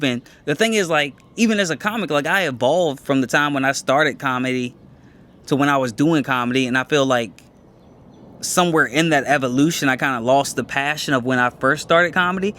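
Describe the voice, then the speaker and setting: Co-hosting a laid-back podcast, this comedian talks openly and brags, swearing freely and restarting his sentences fast. He has a male voice of fairly high pitch and a fairly bright tone.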